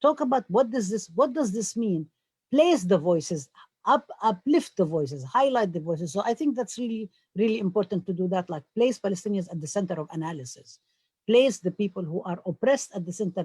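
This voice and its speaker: Husky, dry-voiced scholar. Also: mid-range voice, a little mellow, no echo. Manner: halting with fillers, then emphatic. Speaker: scholar on a panel. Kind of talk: panel discussion.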